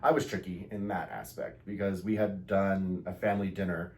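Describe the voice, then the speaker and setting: A man's voice: low voice, moderate pace. A man, a podcast guest, telling personal stories casually and acting out others' voices with frequent laughter. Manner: animated, acts out quoted voices, laughs often. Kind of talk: casual storytelling.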